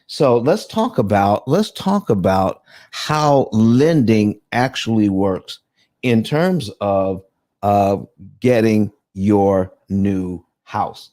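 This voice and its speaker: Low, mellow-voiced man hosting a live room. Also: lively intonation, extremely slow, no room sound, clean studio sound. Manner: loose and rambling, many restarts and fillers, calls out listeners by name. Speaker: host of a live audio room on paying off mortgages. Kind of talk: casual live room hosting, explaining finance.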